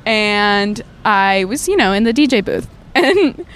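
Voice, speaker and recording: A woman's voice: medium pitch, animated, fairly bright tone, clear, resonant tone. A young woman in her twenties co-hosting a casual podcast, telling stories in a laid-back way and laughing often. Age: 20s. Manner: giggly storyteller, laid-back and slow. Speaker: podcast co-host. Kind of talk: casual chat.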